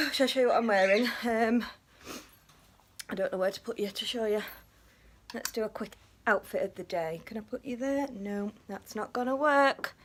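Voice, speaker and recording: A middle-aged woman chatting casually to camera in a daily vlog, sometimes cooing at her pet birds. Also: normal speed. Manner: chatty, talks to her pet birds in a high sing-song voice. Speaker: vlogger.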